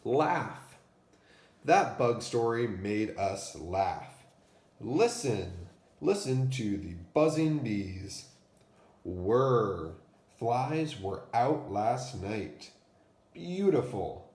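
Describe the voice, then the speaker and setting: Male teacher for first graders, slow and clear, roomy echo. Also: mid-range voice, sing-song, a little mellow. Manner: clear, deliberate enunciation for children. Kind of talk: phonics lesson and story read-aloud.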